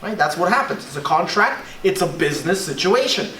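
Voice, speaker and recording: An English teacher giving a classroom lesson in an animated way, checking in with the class again and again. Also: medium pitch, fairly quick. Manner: animated, keeps checking in with "right?". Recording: echoey room, voice from far off, faint hiss.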